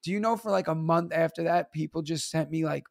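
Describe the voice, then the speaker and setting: A man in his thirties with a high, gravelly voice tells stories in a loose, chatty way. He slips into quick impressions of the people in his stories, and his voice sounds close and dry with no room behind it. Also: no room sound. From New York. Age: 30s. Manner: animated, acts out other people's lines in quick bursts. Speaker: teacher and stand-up comedian guest. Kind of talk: casual storytelling interview.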